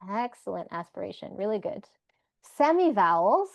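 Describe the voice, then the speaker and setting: A woman's voice: mid-range voice, big pitch swings, moderate pace, gravelly, dry recording. A woman leading an online language class, patiently demonstrating pronunciation sound by sound. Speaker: Sanskrit class leader. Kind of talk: online group lesson. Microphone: video call.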